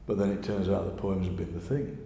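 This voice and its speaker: A man with a Yorkshire accent, a poet telling stories in a lively, chatty interview. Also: deep voice, brisk, slight background noise. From Yorkshire, England. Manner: chatty, animated storyteller, often laughing. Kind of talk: conversational interview. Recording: echoey room with long reverb.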